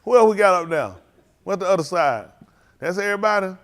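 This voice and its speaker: A man's voice: sits high, lively intonation, a little fast, a bit bright. A man, leading a congregation and greeting livestream viewers by name in a joking, teasing, casual way. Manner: joking, teasing, calls out names.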